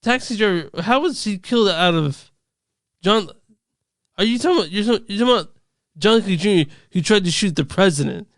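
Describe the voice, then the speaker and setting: A man's voice: high voice, lively intonation, brisk, no echo, clean studio sound. A man co-hosting a casual movie podcast, rambling and stammering, swearing casually. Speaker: podcast co-host.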